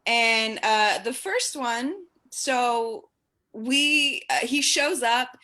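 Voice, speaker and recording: A woman's voice: on the high side, drawn-out words, bright, forceful tone. Sardonic woman telling dating stories. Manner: casual, sardonic storytelling with acted quotes. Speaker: stand-up comedian. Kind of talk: stand-up set on a comedy show.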